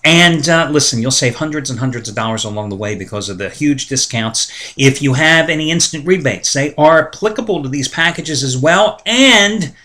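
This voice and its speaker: A man's voice: fairly high pitch, lively intonation, moderate pace, few pauses, sharp tone. A man hosting a sports betting site's daily talk, ranting casually and with strong opinions. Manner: chatty, opinionated ranting with asides. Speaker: sports betting site host. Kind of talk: casual monologue.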